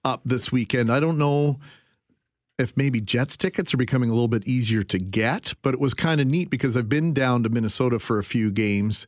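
A man's voice: mid-range voice, fairly quick, dry recording, clean studio sound. A middle-aged man, co-hosting a radio show in easygoing, chatty banter. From Winnipeg, Canada. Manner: easygoing, chatty, laughs often. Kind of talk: casual on-air chat. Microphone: studio microphone.

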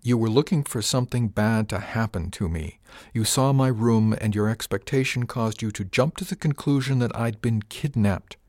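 A man voicing an older ship captain with a dry, measured and wry manner, in an audiobook. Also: lowish voice, a little mellow, dry recording, voice pushed up, close to an everyday voice. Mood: stern.

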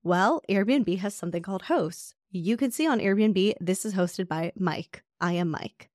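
A woman reading the lines of a calm, patient male rental host who explains things evenly. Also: mid-range voice, unhurried, no room sound, clean studio sound, natural voice.

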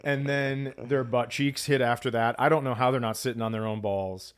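A man's voice: medium pitch, steady tone, normal speed. A man co-hosting a comedy podcast, joking crudely and teasing his partner in casual chat. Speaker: podcast co-host.

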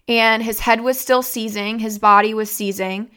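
A young woman host retells the day her father died, in a halting, emotional way full of fillers. Her voice is bright and smooth and sits somewhat high. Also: steady tone. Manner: tearful, halting retelling of a family loss, many fillers. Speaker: podcast host. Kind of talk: emotional personal storytelling.

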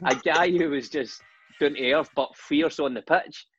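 A husky-voiced Scottish man in his forties spins lively, laughing football stories. His voice sounds dry and close, with a slightly dull, lo-fi tone. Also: fairly high pitch, measured pace, no echo, faint music behind. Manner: animated anecdotes, laughing and swearing. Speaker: guest, former footballer and manager. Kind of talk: casual storytelling chat.

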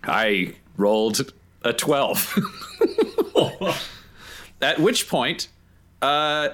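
A man playing a tabletop role-playing game, playful and quick to taunt in character. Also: medium pitch, expressive, sharp tone. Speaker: player.

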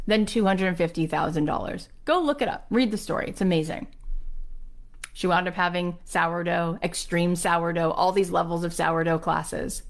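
A woman hosting a podcast, delivering a passionate motivational monologue and acting out the people in her stories. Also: on the low side. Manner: passionate storytelling with acted-out quotes; emphatic. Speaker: podcast host.

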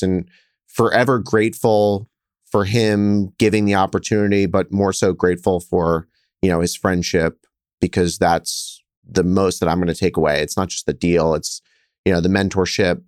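A man in his thirties, a hotel investor, telling stories in a lively, conversational way, speeding up and getting louder as he acts out scenes. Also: low-pitched, smooth, no echo, clean studio sound. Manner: animated, quick storyteller who gets louder acting out scenes. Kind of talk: conversational interview storytelling.

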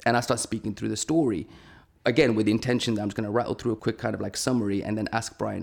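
A man telling a story in casual conversation, animated and rambling with lots of fillers. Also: lowish voice, very fast, vocal fry. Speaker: podcast guest.

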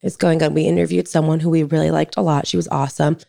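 Gushing young mom with a gravelly edge. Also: female voice, sits low, flat delivery, fast talker, warm tone, no echo, clean studio sound. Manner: gushing, talks with many "like" fillers. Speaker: podcast co-host. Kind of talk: casual chat.

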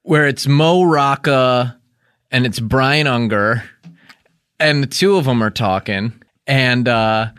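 A man's voice: mid-range voice, slow, a bit bright, clear, resonant tone, no room sound, studio quality. American man in rambling comedic chat. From United States. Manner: rambling, joking, acts out impressions.

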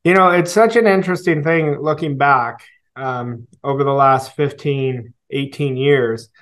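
A man in his forties, a coaching guest, telling his story in an earnest, reflective way with fillers and pauses. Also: mid-range voice, fairly bright tone. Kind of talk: storytelling interview answer.

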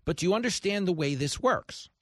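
A man hosting a comedic political talk radio show, talking in an animated way and acting out voices in quotes. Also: high voice, fairly quick, no room sound. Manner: animated, acts out voices in quotes, rising to shouts.

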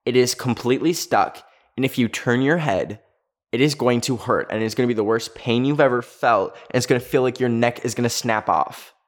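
A man's voice: mid-range voice, fairly quick. Rambling young man telling a story. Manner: rambling, heavy use of filler "like". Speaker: storytelling video host. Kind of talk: casual storytime.

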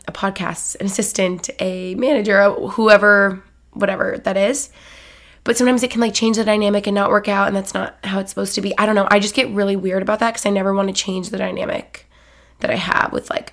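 A woman's voice: mid-range voice, fairly bright tone. A young woman hosting her own podcast, chatting casually with lots of "like" and frequent little laughs. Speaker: podcast host. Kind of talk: casual solo podcast chat.

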